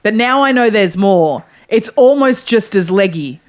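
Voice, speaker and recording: A woman's voice: medium pitch, expressive, unhurried. A woman co-hosting a casual podcast chat, emphatic and slangy. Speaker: podcast co-host.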